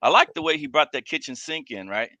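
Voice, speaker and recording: A man's voice: on the high side, lively intonation, quick pace, bright, forceful tone, no room sound. A man chatting casually as co-host on a live show. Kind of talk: casual chat.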